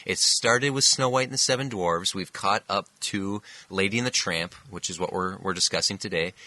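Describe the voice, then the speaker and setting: Male podcast co-host, casual, lower voice with an edgy brightness, restarts his sentences a lot. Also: moderate pace, dry recording. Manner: rambling, self-interrupting, laughs often.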